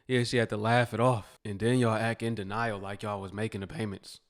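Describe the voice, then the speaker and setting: A man's voice: lowish voice, little pitch movement, a little fast. A man commenting bluntly and mockingly on viral clips in a casual, laid-back way.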